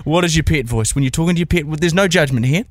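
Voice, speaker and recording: A man's voice: fairly high pitch, fast talker, no room sound. A man co-hosting a radio show, cracking dry jokes in casual banter. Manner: joking, dry wisecracks. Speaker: radio host. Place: radio studio.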